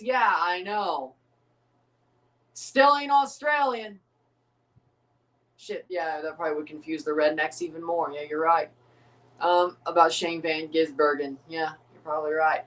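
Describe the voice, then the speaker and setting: A woman's voice: lowish voice, unhurried, fairly bright tone, far from the mic, rough recording. A woman hosting a live watchalong stream, rambling and joking in casual commentary while reading out viewer chat. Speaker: livestream host.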